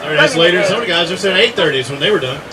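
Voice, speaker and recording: Guy in his sixties running a weigh-in, teasing everyone, kinda high voice, crowd chatter around. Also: rapid-fire, rough recording. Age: 60s. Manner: jokey, teasing, calls out names and weights. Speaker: tournament weigh-in emcee. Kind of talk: live event emceeing with banter. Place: outdoor fishing tournament weigh-in stage.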